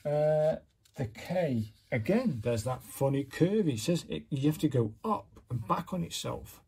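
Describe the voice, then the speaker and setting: A man's voice: a little high, animated, unhurried, darkish tone, husky. A man casually demonstrating his work step by step, chatty and self-critical as he narrates each move. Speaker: calligraphy hobbyist demonstrating.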